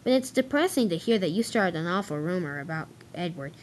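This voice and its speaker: A woman's voice: fairly low pitch, animated, fairly quick, slight background noise, lightly acted. A woman voicing a curious, easily upset small male engine in a toy train story.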